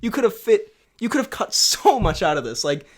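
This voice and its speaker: A man's voice: sits high, big pitch swings, a little fast, breathy edge. A man co-hosting a podcast in casual chat, rambling and laughing often. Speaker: podcast co-host.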